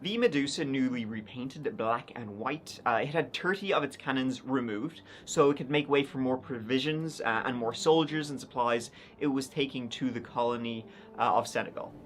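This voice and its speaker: A man's voice: medium pitch, normal speed, hardly any pauses. A man narrating history in a casual, conversational storytelling style with wry, sardonic asides.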